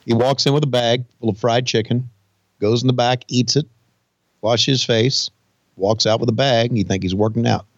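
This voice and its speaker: A man's voice: medium pitch, steady tone, moderate pace, no echo, lo-fi sound. A man in his sixties co-hosting a podcast, talking bluntly and profanely with dry jokes. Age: 60s. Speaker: podcast co-host, former wrestling figure. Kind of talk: casual podcast banter.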